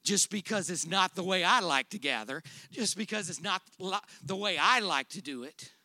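High, bright-voiced preacher man. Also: expressive, moderate pace, dry recording, clean studio sound. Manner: dynamic preaching, swinging from loud emphatic declarations to quiet storytelling. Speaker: pastor. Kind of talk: sermon.

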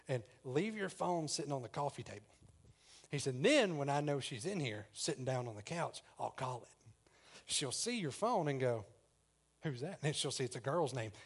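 A man preaches in a church, his voice sitting slightly high for a man. He talks to the congregation in a loose, chatty way, often laughing at his own story. Then he leans into the sermon's point. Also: husky. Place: church sanctuary.

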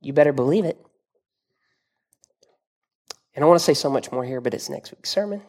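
A man's voice: on the high side, lively intonation, rapid-fire, darkish tone. A man preaching a sermon as pastor, explaining scripture verse by verse and retelling scenes vividly with rhetorical questions to the listeners.

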